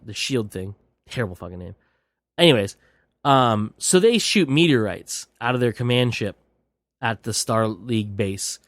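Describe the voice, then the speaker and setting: A man's voice: medium pitch, dry recording, studio quality. A male podcast host giving a rambling, profane, casual movie recap full of digressions.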